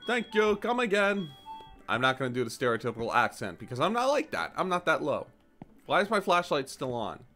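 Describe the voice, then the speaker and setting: Lively young man narrating gameplay. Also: quick pace, faint music behind. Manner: animated, jumps to high exclamations, mock-polite shopkeeper lines. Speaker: gaming YouTuber. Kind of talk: casual gameplay commentary.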